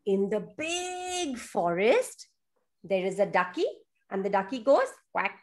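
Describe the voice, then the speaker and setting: Animated woman storyteller for kids. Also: medium pitch, takes it slowly. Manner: animated, sing-song, exaggerated. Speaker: children's storyteller. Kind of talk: storytelling for young children. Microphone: video call.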